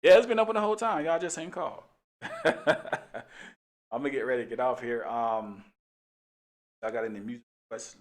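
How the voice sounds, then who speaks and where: A man's voice: medium pitch, a little fast, pauses often. A middle-aged man, a police officer hosting a talk show, telling a casual story in a laid-back way and laughing often.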